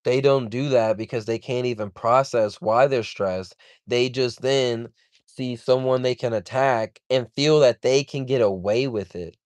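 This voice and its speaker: A man's voice: medium pitch, no room sound. A man hosting a livestream, venting in a heated, profane, rambling complaint. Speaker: livestream host.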